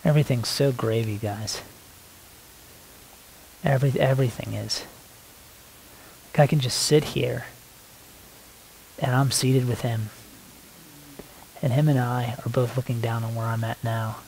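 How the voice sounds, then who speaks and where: A man leads a spontaneous spoken prayer in a soft, gravelly voice. He talks haltingly and repeats words as he searches for them, sinking now and then to a hushed near-whisper. A faint hiss sits under the recording. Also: medium pitch, steady tone, low-quality recording. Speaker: worship leader praying aloud.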